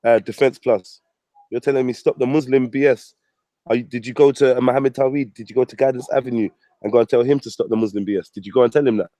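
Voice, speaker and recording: A man's voice: mid-range voice, steady tone, fast, dark tone, no echo. A man ranting on his channel, mocking and swearing at a rival. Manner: profane, mocking, combative. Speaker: vlogger. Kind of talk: ranting commentary.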